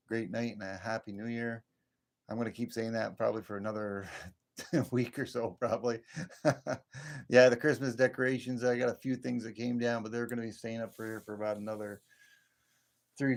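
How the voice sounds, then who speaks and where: A man's voice: medium pitch, creaky. A man hosting a live stream, chatting in a rambling, folksy way and thanking viewers by name. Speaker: livestream host. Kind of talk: casual live-stream chat.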